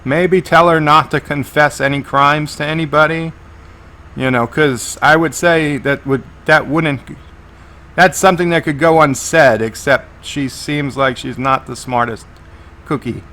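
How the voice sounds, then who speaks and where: Man, live episode reaction, bright forceful tone, describes the action as it happens, frequent restarts. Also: a little high, fairly even intonation, a little slow. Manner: narrates scenes as they play, with frequent restarts. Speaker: TV episode reviewer.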